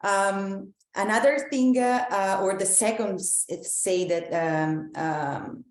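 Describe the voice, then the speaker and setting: A woman's voice: mid-range voice, slow. Italian woman coaching, echoey room. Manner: many fillers and restarts, reflective. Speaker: embodiment coach. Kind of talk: live online talk to a group.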